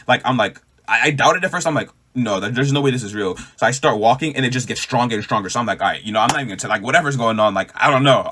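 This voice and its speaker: A man's voice: lowish voice, fairly bright tone. A young man giving a personal faith testimony in a casual, rambling way, full of fillers and retold inner dialogue. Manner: rambling, fast, filler-heavy; earnest, shaken retelling. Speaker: testimony speaker.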